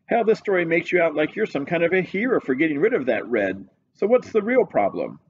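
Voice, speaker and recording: A man's voice: on the high side, sing-song, fairly quick, slightly rough, lo-fi sound, voice pushed up, heavily acted. A man reading, voicing a chubby, indifferent male police sergeant who talks in a folksy, ungrammatical way. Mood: offhand.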